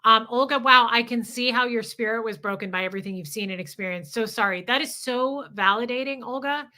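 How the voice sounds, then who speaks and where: Bright-voiced woman, blunt and raw. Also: on the high side, fairly quick. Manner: raw and emotional, blunt, swears freely. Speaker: livestream host. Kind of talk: candid confessional livestream talk, reading viewer comments.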